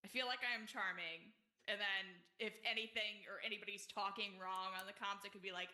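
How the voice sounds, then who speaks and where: A woman's voice: mid-range voice, brisk, bright, forceful tone. A woman player at a tabletop role-playing game, talking in a giggly, upbeat way. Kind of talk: tabletop role-play chat. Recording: roomy echo.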